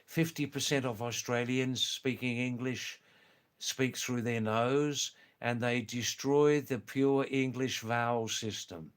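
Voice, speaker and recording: A man hosting a live stream, answering viewer comments slowly and thoughtfully, with many pauses and fillers. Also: medium pitch, steady tone, clear, resonant tone.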